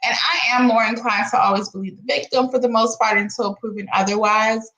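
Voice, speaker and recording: A woman doing a casual live-stream commentary, reading out court papers and reacting with loud exclamations and laughs. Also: fairly high pitch, fairly quick, roomy sound, low-quality recording. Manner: animated, exclaims 'girl' often, laughs.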